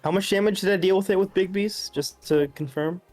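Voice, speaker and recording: A tabletop game player speaking quickly and encouragingly. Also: mid-range voice, a little mellow, faint music behind. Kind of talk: casual tabletop play.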